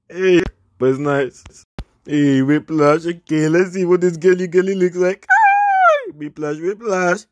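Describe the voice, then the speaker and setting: A man reacting casually to pictures, repeating words, squealing high greetings and shouting refusals. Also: dry recording. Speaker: YouTube reaction host.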